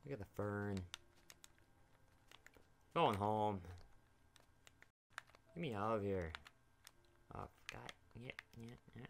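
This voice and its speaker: A young man with a lowish voice rambles through his gameplay, swearing freely and chatting at the characters on screen. He talks into a desk mic at home. Faint hiss and keyboard clicks sit behind him. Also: slow, gravelly, long pauses, a bit bright. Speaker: gaming YouTuber. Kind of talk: casual gameplay commentary.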